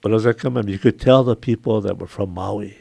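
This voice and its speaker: An older man from Hawaii with a Hawaiian accent, hosting a casual radio chat, chatty and quick to laugh. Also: lowish voice, vocal fry, warm tone, husky, no echo. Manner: chatty, laughs easily, imitates local sayings. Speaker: radio show host.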